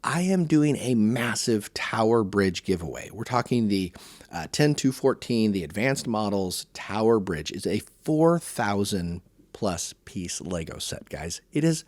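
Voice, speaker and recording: A man's voice: fairly low pitch, animated, unhurried, a little mellow, dry recording, clean studio sound. A man from the United States hosting a podcast in a folksy, chatty, casual monologue. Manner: folksy and chatty, says y'all. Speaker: podcast host.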